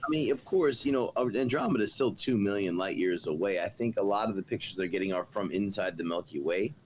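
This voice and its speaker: A man's voice: lowish voice, brisk, slight background noise, rough recording. A man on a casual panel, explaining things in detail in a knowledgeable way. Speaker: panel guest.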